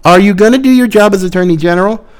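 Male podcast host, higher-pitched, sarcastic ranting monologue. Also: rapid-fire, clear, resonant tone. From Florida. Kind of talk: opinion monologue.

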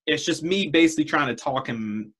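A man's voice: on the high side, expressive, a little fast, fairly bright tone. A man in casual podcast chat, telling a long story in a rambling, profane way.

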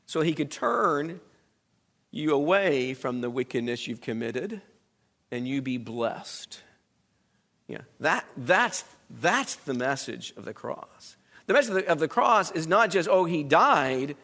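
A man's voice: fairly high pitch, expressive, slow, fairly bright tone. A man teaching a Bible study lesson in a conversational way, asking the class questions and often restarting his sentences.

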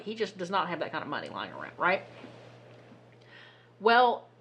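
Woman co-host, husky, worked-up chatty delivery, mid-range voice. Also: medium pitch. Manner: animated, exasperated storytelling with swearing. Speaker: podcast co-host. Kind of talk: casual chat.

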